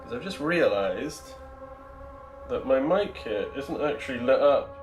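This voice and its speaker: A man's voice: mid-range voice, lively intonation, measured pace, reverberant, soft background music. A man hosting a casual livestream while painting miniatures, chatty and rambling as he answers his chat, speaking into a Bluetooth microphone.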